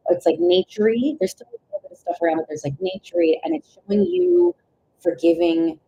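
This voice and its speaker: A young woman giving a live intuitive tarot reading, rambling and searching for words, with sudden excited outbursts and casual swearing. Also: mid-range voice, fairly quick, creaky, lo-fi sound. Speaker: tarot reader.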